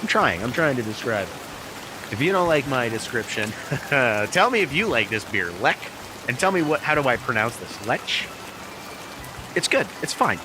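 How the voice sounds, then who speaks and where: A man's voice: mid-range voice, very animated, moderate pace, background noise. A middle-aged man rambling casually about a beer in a vlog, with hesitant restarts, recorded outdoors. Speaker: beer review vlogger. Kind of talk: casual chat. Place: outdoors in heavy rain. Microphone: small mic on camera, outdoors. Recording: outdoor recording with loud rain. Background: rain pouring down.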